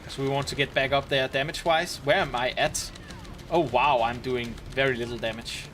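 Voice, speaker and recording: Speaking at a moderate pace in a mid-range voice, a raid commander from Denmark with a Danish accent leads a game raid. He's relaxed and chatty, thinking aloud in casual gameplay commentary, with slight background noise.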